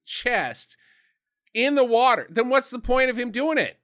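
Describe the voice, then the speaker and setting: Profane, animated man recapping a movie. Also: extremely high pitch, a little slow. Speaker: podcast co-host. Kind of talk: casual comedic movie recap.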